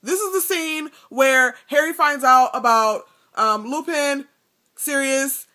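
Woman reading a book out loud, chatty and blunt, high bright voice. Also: slow. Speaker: reader. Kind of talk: casual book reading aloud.

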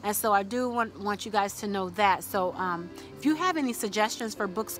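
A woman's voice: medium pitch, a bit bright. A woman vlogging casually about her faith, chatty and encouraging, with many fillers.

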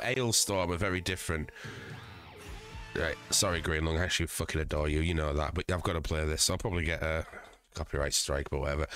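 A man whose voice sits low and sounds a bit bright chats casually on a home livestream, his nose stuffed up with a cold. He rambles, swears and chuckles at his own jokes.

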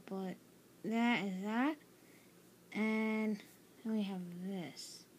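A woman's voice: fairly high pitch, darkish tone, slight background noise. A woman hosting a casual building tutorial, hesitant and filler-heavy, often apologizing, recorded on a tablet's built-in mic. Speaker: tutorial host. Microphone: tablet camera mic.

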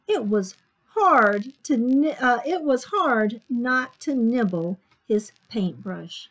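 A woman teacher reading a picture book aloud to children, animated and asking them questions. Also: a little high, slow. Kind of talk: children's story time read-aloud.

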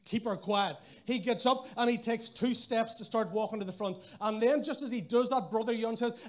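A man's voice: very high-pitched, moderate pace, few pauses. A man preaching a sermon, telling stories with animation and acting out what people said.

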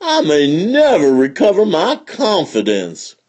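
Man playing a fussy storybook fox: high, swooping, husky, wailing and pleading. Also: huge pitch swings, unhurried, a little mellow, heavily acted. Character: fussy, pompous male fox, frantic.

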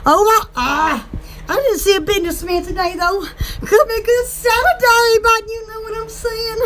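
Giggly high-voiced Southern woman. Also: steady tone, normal speed, fairly bright tone. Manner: giggly, rambling, exclaims often. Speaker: small shop owner promoting products. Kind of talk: casual home shopping chat.

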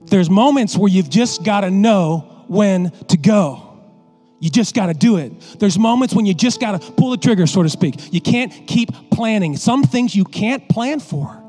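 A male pastor preaching a sermon in an animated, joking way, talking straight to his congregation. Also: high voice, moderate pace, faint music behind.

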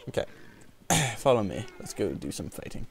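A man casually commenting while playing a video game, sick with a cold, chatty, often laughing and quickly getting frustrated. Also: on the low side, big pitch swings, creaky, noisy background. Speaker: gameplay video host. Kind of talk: casual let's play commentary.

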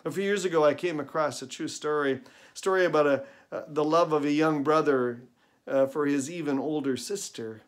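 A man's voice: a little high, normal speed. A man, a pastor, giving an earnest, emphatic sermon with repeated phrases in a recorded devotional video. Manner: earnest, emphatic preaching with repetition.

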